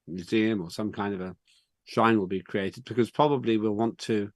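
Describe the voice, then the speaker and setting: A man's voice: fairly low pitch, no room sound. A man chairing an online parliament meeting, who speaks in an earnest, reflective and encouraging way.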